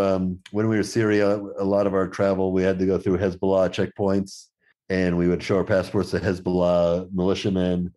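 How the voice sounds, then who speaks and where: Low, mellow-voiced man telling travel stories. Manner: lively anecdotal storyteller who acts out quoted exchanges. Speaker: podcast guest. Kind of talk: casual storytelling conversation.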